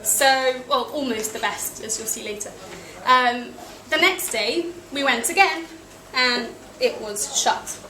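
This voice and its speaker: Young English woman, high voice, dry self-mocking storyteller at a cafe event, roomy and noisy. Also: slow, few pauses, sharp tone. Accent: British English. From England. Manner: wry, self-deprecating, with small laughs. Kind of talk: personal travel story told to an audience. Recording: echoey cafe with noisy ambience.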